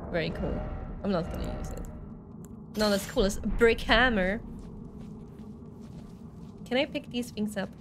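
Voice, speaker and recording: A woman's voice: medium pitch, a little slow, long pauses, noisy background. A woman streaming a game live, chattering nervously and yelping when startled. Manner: excitable, jumps between nervous chatter and yelping. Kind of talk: live gameplay commentary.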